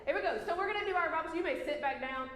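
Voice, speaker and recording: A woman leading children at a church program in a playful, energetic manner, recorded in a large echoey room. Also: extremely high pitch, racing. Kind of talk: leading children in a call and response. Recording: echoey hall, faint room noise.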